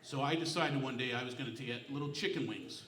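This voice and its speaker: A man's voice: medium pitch, fairly quick, reverberant, recorded from a distance, a little hiss or hum. Middle-aged man doing stand-up. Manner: deadpan storytelling, self-mocking one-liners. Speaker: stand-up comedian. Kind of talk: stand-up comedy set. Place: comedy club stage.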